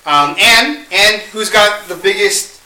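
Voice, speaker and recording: Guy with a high bright voice, slow and groaning, recorded kinda far off in an echoey room. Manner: groaning, laughing and swearing. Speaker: vlogger eating spicy ramen. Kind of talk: casual chat. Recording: roomy sound, distant from mic.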